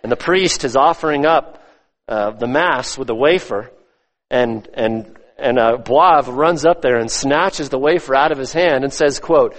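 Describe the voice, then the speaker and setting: A man's voice: medium pitch, measured pace. Emphatic male preacher in reverberant hall. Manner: emphatic preaching that swells and drops. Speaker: pastor. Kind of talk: sermon. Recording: long reverb of a large hall.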